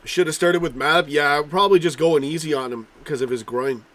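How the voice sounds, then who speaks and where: A man hosting a loose, rambling live football chat, speaking in a slightly raised pitch. He swears freely and reads out viewers' comments, and his voice is broken up by coughing and throat-clearing. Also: a little fast, sharp tone. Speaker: livestream host.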